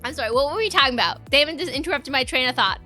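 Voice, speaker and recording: A woman's voice: sits high, lively intonation, racing, bright, forceful tone, soft background music. A young adult woman streamer chatting casually with her viewers, rambling from one thing to the next and reacting to chat.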